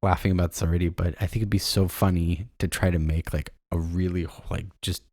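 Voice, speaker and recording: A man's voice: low-pitched, fairly even intonation, a little fast, a little mellow, no room sound, clean studio sound. A man co-hosting a podcast in casual chat, rambling and giggly, with lots of fillers and restarts, a bit tired. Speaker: podcast co-host.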